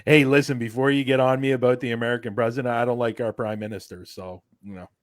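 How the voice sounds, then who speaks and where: Man, guest on a chat show; easygoing, rambling delivery, mid pitch, dry close sound. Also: fairly even intonation, fast talker, no room sound. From Canada. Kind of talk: casual chat.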